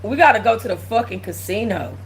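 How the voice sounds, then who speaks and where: A woman's voice: mid-range voice, expressive, a little fast, low-quality recording. Blunt, emotional woman streamer. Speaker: channel host. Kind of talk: casual livestream chat.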